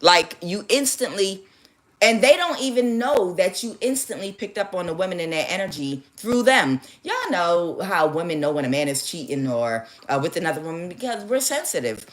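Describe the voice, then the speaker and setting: Woman, tarot reader, lowish voice, sassy, animated, casual monologue. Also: normal speed. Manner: animated, sassy, laughs often, addresses the listener as "child".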